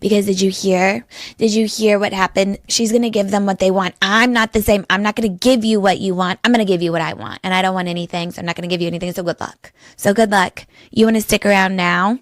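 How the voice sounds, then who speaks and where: A woman hosting her own podcast, delivering a cynical, deadpan monologue with biting sarcasm. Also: mid-range voice, fast, no room sound, studio quality. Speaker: podcast host.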